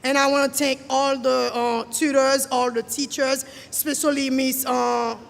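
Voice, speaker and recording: A nervous graduate giving a halting thank-you speech, stumbling over names. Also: sits high, little pitch movement, vocal fry, a bit bright, in a large hall.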